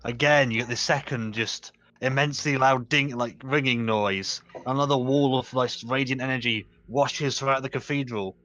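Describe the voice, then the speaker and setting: A man's voice: mid-range voice, fairly even intonation, normal speed, few pauses, bright, forceful tone. A man narrating as game master in a casual, loose way, full of small fillers.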